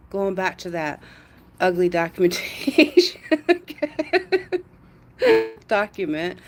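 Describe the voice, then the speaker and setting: A woman chatting casually on a live stream from her yard at night, talking to viewers and cooing at her dog in a high sing-song voice on a phone mic. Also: big pitch swings, measured pace, long pauses.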